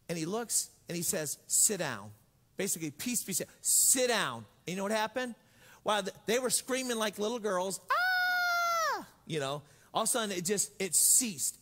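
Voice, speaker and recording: A man delivers a sermon with a high voice and a playful storytelling manner, acting out little voices. His voice rings through a large church hall with long reverb. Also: fairly bright tone. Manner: storytelling, joking, acts out voices. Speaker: pastor.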